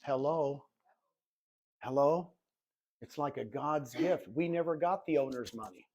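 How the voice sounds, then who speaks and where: Older man in his sixties, lively jokey storyteller, slightly high voice, acts out dialogue. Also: measured pace. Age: 60s. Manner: jokey self-described goofball. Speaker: real estate recruiter and coach. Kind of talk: live presentation to agents.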